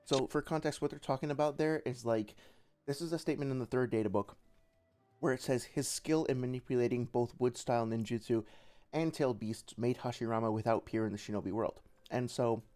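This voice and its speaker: A man's voice: mid-range voice, fairly even intonation, a little fast, darkish tone, faint music behind. A young man giving casual livestream commentary as a debate reviewer, rambling with many fillers and restarts.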